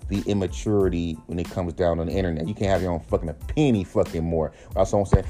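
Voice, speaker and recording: A brisk male voice, with faint music behind it, belongs to a podcast host in his thirties. His monologue is a rant full of profanity and energy, and he mocks critics by putting on high, sneering voices.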